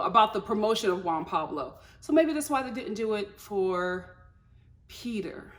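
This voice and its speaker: A woman vlogger chatting casually about a reality show, animated and laughing, slipping into playful mock voices. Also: fairly high pitch. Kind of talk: casual review chat.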